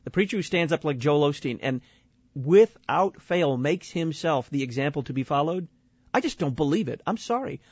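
A man's voice: a little high, expressive, moderate pace, a little mellow, slightly rough, dry recording, muffled recording. A man from Texas hosting a talk show and critiquing sermons. He speaks bluntly and wryly, often repeating words as he starts a point. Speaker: radio show host.

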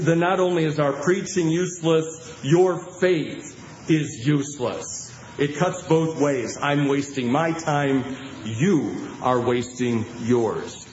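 A man's voice: a little high, darkish tone. A man preaching a sermon, emphatic and insistent, with vivid images. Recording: muffled sermon clip in a roomy hall with faint noise.

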